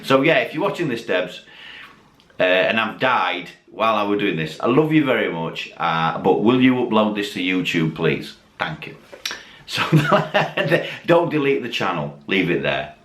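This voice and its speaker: This man's voice is fairly low, very animated, unhurried and a bit bright. Having had a few drinks, the YouTube host chats casually to camera from a dim room at home lit by Christmas lights, rambling, swearing and self-mocking. Faint background noise sits in the echoey room.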